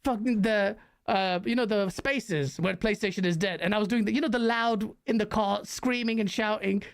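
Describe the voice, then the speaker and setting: A man hosting a podcast, talking in a quick, animated way and often breaking into laughter. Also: high voice, vocal fry, smooth. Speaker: podcast host. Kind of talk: casual podcast chat.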